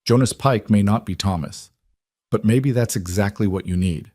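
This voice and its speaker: A man voicing a warm, teasing young woman who gently urges her sister on. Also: fairly low pitch, normal speed, dry recording, clean studio sound, lightly acted. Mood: coaxing. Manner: affectionate and coaxing.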